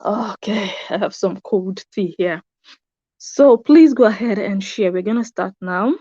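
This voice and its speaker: A woman's voice: medium pitch, unhurried, warm tone, no echo, lo-fi sound. A woman hosting a live stream from a room upstairs at home, chatting casually and greeting her viewers by name. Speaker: YouTube host.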